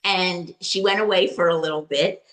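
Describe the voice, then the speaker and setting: A woman guest in an interview, telling a personal story in a halting, emotional way, with many fillers and restarts. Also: fairly low pitch, fairly even intonation, fairly bright tone. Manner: recounts dialogue in quoted voices. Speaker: retreat client, interview guest.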